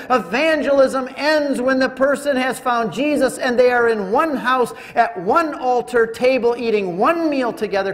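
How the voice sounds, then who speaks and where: An older man giving an animated storytelling talk to a live audience, acting out the voices in his story. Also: extremely high pitch. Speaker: speaker. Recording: echoey hall, long reverb.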